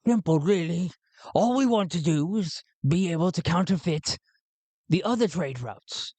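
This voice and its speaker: A man voicing a rough, blustering pirate captain who rambles and talks over people. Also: high-pitched, expressive, a little slow, no room sound. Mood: matter-of-fact. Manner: rambling, loud and pushy.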